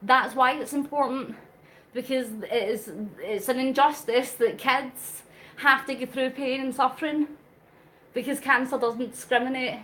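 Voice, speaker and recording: Steady in tone, high-pitched and fairly bright, a woman speaks a little slowly while cycling on an exercise bike during a live charity stream. She's slightly breathless, earnest and emotional, addressing viewers by name and reading their comments.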